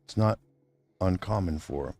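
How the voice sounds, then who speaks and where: A man's voice: sits low, measured pace, dark tone. A middle-aged man hosting an unscripted livestream. He rambles heartfelt and close to tears, and speaks straight to his absent wife. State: near tears. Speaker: livestream host. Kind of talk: unscripted emotional monologue.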